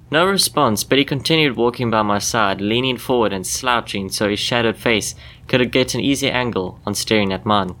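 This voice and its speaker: A man calmly telling a first-person short story in scripted narration for a podcast. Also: lowish voice, moderate pace, few pauses.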